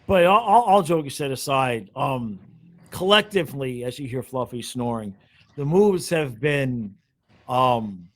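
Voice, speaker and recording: A man's voice: medium pitch, expressive, unhurried. A man hosting a casual sports chat over a video call, rambling, laughing and poking fun at himself. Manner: laughing, rambling, self-mocking. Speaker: show host.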